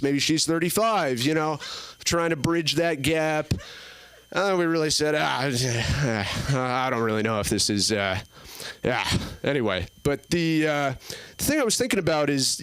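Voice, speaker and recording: A young man in his early twenties works through a stand-up set, wandering through his stories with plenty of fillers. His voice sits slightly high and sounds smooth and clear, and the sound is dry with little room reflection. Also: a bit bright, dry recording. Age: early 20s. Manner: rambling, filler-heavy storytelling. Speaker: stand-up comedian. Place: comedy club stage.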